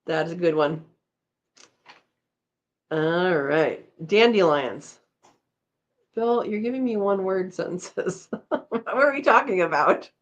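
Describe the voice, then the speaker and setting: A woman's voice: lowish voice, animated, slow, long pauses. A tired woman hosting a casual live chat, reading out viewer comments and chatting back with a laugh. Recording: slightly dull lo-fi audio.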